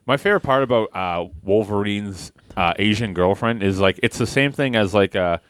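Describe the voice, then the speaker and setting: A man hosting a podcast in casual chat, telling stories in an animated way, swearing and laughing as he goes. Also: fairly low pitch, moderate pace, no echo, studio quality. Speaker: podcast host.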